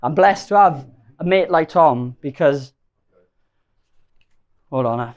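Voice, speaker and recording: A man's voice: on the high side, animated, slow pace, dull audio. A young man giving a best man speech at a wedding reception, rambling, emotional and laughing at himself.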